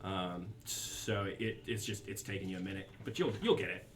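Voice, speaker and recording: A man's voice: sits low, animated, normal speed, a little hiss or hum. A man running a live tabletop game as dungeon master, easygoing and encouraging, often repeating himself.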